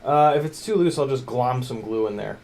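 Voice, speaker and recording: A man's voice: medium pitch, lively intonation, a little fast, vocal fry, darkish tone. A man streaming a drone build from a workbench, chatting casually and muttering to parts as he works. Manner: mutters and coaxes parts while working, loose and joking. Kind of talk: casual livestream chat while building.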